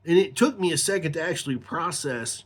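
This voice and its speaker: Middle-aged male storyteller, slightly high voice, casual, foul-mouthed, rambling. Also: expressive, brisk, slightly rough. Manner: profane, rambling, laughs mid-story.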